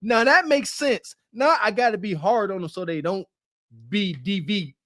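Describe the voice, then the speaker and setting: Animated mocking male podcast host. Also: sits high, moderate pace, dry recording, clean studio sound. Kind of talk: reaction commentary.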